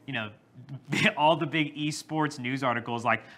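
A man's voice: medium pitch, moderate pace, bright, forceful tone. A man co-hosting a gaming podcast, chatty and easygoing, with frequent laughter. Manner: chatty, laughs often, lots of fillers. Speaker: podcast co-host. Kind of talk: casual chat.

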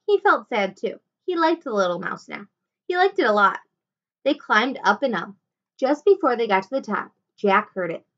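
Lively woman teacher narrating a storybook, raised pitch, muffled home recording. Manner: expressive, animated. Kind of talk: storybook read-aloud.

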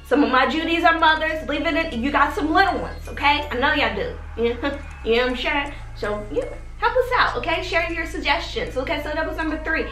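A woman's voice: high-pitched, a little fast, pushed and bright. A woman hosting a casual advice vlog, chatty and talking straight to her viewers, checking in with "okay?" all the time. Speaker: vlogger, channel host. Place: her home in Texas. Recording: roomy room with faint background music.

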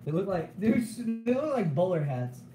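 A man in his thirties, an army veteran, telling stories in casual chat, animated and profane with many restarts. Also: high voice, fairly quick, over music. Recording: echoey room with faint noise.

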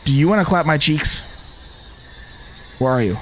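A young man streaming a video game with excited, animated commentary, often firing the same questions again and again. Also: fairly high pitch, moderate pace, slight background noise. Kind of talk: live gameplay commentary.

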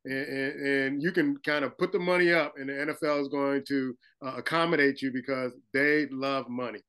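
A man's voice: mid-range voice, normal speed, clear, resonant tone. A man hosting a sports radio show, introducing stories and asking his co-hosts for their thoughts. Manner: relaxed, sets up topics and asks questions.

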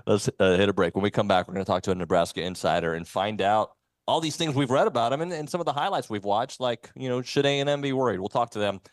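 A man with a low voice co-hosts a sports radio show from a studio, talking football in a loose, animated way. He also slides into live sponsor reads. The sound is dry and close. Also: quick pace, hardly any pauses, no room sound. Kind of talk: casual sports talk.

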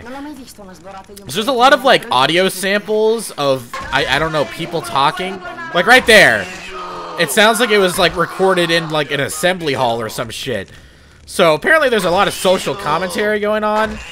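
A man doing profane, joking commentary over a video game he is playing. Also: fairly high pitch. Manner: profane, excitable, sarcastic jokes while playing. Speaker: let's play commentator. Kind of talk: gameplay commentary.

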